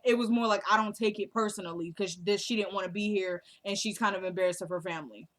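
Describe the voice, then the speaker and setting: A young woman recap host with a medium-pitched, fairly bright voice quickly and casually retells a TV episode. She chats along and performs the characters' lines as quoted dialogue.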